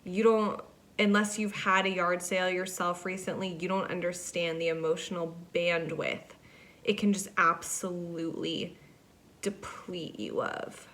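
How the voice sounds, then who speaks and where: A woman's voice: fairly low pitch, little pitch movement, unhurried, fairly bright tone. Chatty woman rambling through stories. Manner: chatty and rambling, acts out quoted voices. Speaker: podcast host. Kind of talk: casual solo podcast monologue.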